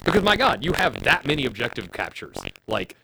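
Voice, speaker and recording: A man casually chatting about a tabletop war game as a podcast co-host, excitable and quick to swear. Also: a little high, gravelly, noisy background. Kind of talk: casual tabletop gaming chat.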